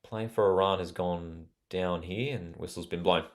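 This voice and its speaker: A young man with an Australian accent talks through a live football watch party in a relaxed, rambling way. His voice sits a little low, and he reads viewer messages aloud between remarks on the play. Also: normal speed. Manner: chatty, reads out live chat, frequent fillers. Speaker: watchalong host. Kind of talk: casual live commentary.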